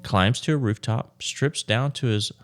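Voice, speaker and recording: A man's voice: medium pitch, unhurried, faint music behind. A man co-hosting a podcast, telling stories with dry, wry humor in casual chat. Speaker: podcast co-host.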